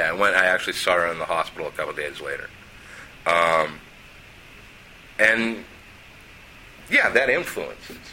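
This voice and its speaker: Middle-aged guy telling a story, low voice but real bright and punchy, swings his pitch all over, acts out the people. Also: a little hiss or hum, poor audio. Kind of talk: animated personal storytelling.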